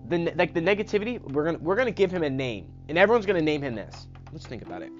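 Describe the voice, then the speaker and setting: Rapid-fire and very animated, this man's fairly high voice drives a casual motivational podcast talk. He's emphatic, curses occasionally, and tags his points with "right?", all over guitar music in a muffled lo-fi recording.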